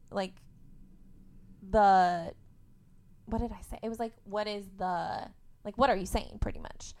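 Young woman, Indiana-raised, middle pitch; candid, emotional guest who laughs through the hard parts. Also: normal speed, vocal fry. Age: young adult. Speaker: podcast guest. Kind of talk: candid conversational storytelling.

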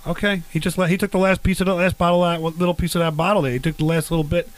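Fast-talking, rambling male comedy host. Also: sits high, level tone. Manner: rambling, pushy, repeats himself. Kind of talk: improvised comedy banter.

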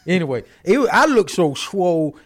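A man casually telling a comedic story, animated and acting out the people in it. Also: sits high, fairly quick. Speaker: storyteller on a podcast.

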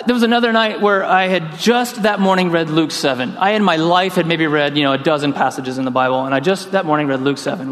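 A man preaching a sermon in a church, telling a lively personal story and acting out the voices in it. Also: fairly high pitch, long reverb tail. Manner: storytelling, acts out quoted voices. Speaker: pastor.

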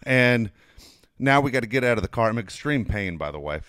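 A man's voice: medium pitch, a little fast, clear, resonant tone, no echo, clean studio sound. Profane man telling a wild story. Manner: profane, animated storyteller, laughs often. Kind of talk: casual storytelling chat.

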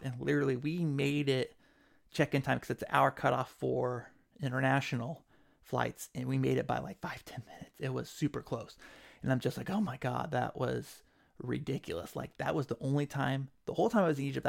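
Podcast host, man, heavy vocal fry, chatty animated storyteller. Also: medium pitch. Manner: animated retelling with quoted voices. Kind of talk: casual storytelling.

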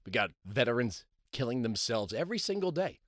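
A man hosting a talk radio show, delivering a sarcastic, mocking monologue that swings between loud outbursts and low mutters. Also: sing-song, brisk, dry recording, clean studio sound.

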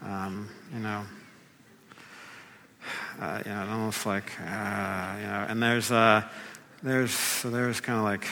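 A man's voice: fairly low pitch, level tone, slow pace, pauses often, bright, forceful tone, slight background noise. A man preaching an informal sermon as a pastor, talking loosely with many fillers and restarts. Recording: long hall reverb.

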